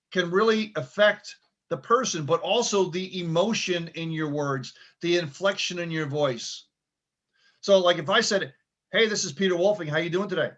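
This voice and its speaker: A man's voice: on the high side, a bit bright. A middle-aged man giving a casual motivational talk, conversational and full of "okay" and "right". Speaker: motivational speaker.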